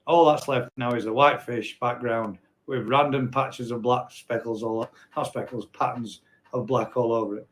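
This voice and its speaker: A man's voice: medium pitch, fairly even intonation, normal speed, a bit bright. A man hosting a casual live stream, chatting and reading out viewer comments in a rambling, self-correcting way. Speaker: host.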